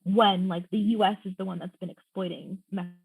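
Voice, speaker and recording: A woman's voice: mid-range voice, fairly even intonation, fairly quick, vocal fry, breathy edge, dry recording, poor audio. A young woman from South Texas chatting casually on a podcast, filling her talk with "like.". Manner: filler-heavy, says like constantly. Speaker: podcast host. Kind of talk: casual chat.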